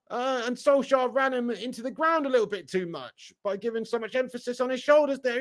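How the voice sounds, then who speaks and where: Man, high voice, blunt, jokey, laughs a lot, live-stream football chat host. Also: lively intonation, fairly quick. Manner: blunt, jokey, laughs often, teasing viewers. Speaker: fan channel host reading live chat.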